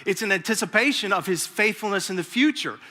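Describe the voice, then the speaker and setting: A man's voice: sits high, quick pace. A man in his forties, a pastor, telling a personal story in a sermon and acting out the quotes as he goes. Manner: storytelling, animated, acts out quotes. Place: large church hall. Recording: long hall reverb.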